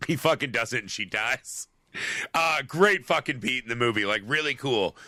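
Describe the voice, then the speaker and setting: A man with a bright, ringing voice co-hosts a movie podcast. He talks casually, swears freely and slips into quoted voices. The sound is close and dry. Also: medium pitch, normal speed, dry recording. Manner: profane, animated storyteller who acts out quoted voices. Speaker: podcast co-host. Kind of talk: casual chat.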